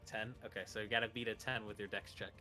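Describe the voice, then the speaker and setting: A man running a tabletop game as game master, relaxed and quick to laugh. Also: lowish voice, faint music behind.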